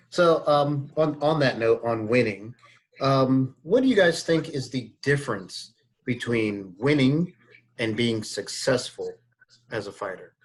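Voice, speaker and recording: A man hosting a casual chat, asking questions in a relaxed, hesitant way. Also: medium pitch, slow, pauses often, rough recording. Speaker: host.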